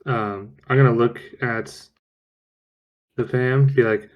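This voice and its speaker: A man playing a tabletop game online, hesitant and measured. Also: medium pitch, steady tone, muffled recording. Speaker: player.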